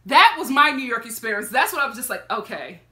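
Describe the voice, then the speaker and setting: A woman from Philadelphia telling a story in a casual reaction vlog, animated and laughing often. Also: high-pitched, fast talker. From Philadelphia, USA. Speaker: reality TV reaction vlogger.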